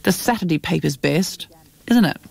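A woman voicing a tired, bitter widowed mother, speaking low and clipped. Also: animated, moderate pace, vocal fry, a little mellow, no room sound, heavily acted. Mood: weary.

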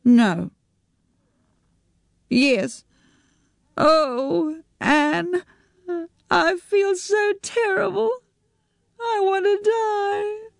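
A woman's voice: lowish voice, a little slow, a little mellow, no room sound, clean studio sound. A woman reading a story on the radio, voicing a despairing widow who is tearful and wry. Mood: sobbing despair. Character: despairing widow Jackie, weepy and bitter.

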